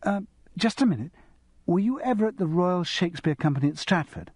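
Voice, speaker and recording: Brief: man playing bright young posh English girl, public-school accent, giggly, high and lively. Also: a little fast, husky, no room sound, studio quality. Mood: eager. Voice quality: bright and girlish.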